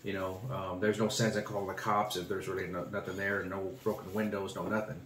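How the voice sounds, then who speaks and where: A man's voice: low-pitched, fairly quick, slight background noise. Man rambling through a story, echoey room. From Texas. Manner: relaxed, rambling, short agreeing replies. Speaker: co-host of family channel. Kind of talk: casual storytelling chat.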